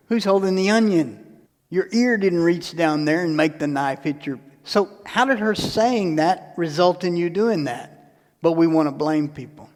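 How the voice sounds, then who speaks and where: A man's voice: high voice, lively intonation, a little slow. A man giving a parish mission talk in a church, folksy and acting out little everyday scenes as he explains. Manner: folksy, acts out little scenes in different voices. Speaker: lay speaker at parish mission. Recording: long hall reverb.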